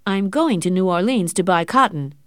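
A woman's voice: mid-range voice, lively intonation, moderate pace, clear, resonant tone, no echo, studio quality, lightly acted. A woman voicing a cold, calculating young man who speaks curtly. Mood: matter-of-fact. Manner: cold and curt.

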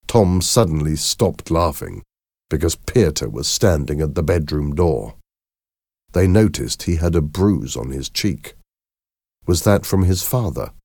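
A man narrating a storybook in a slow, expressive way. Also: extremely low pitch, no room sound, clean studio sound. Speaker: audiobook narrator.

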